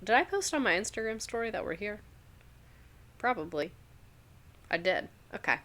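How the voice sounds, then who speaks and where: A woman's voice: mid-range voice, very animated, normal speed, fairly bright tone. A young woman, a former teacher, chatting casually on a livestream, reading stories aloud, laughing often and swearing freely.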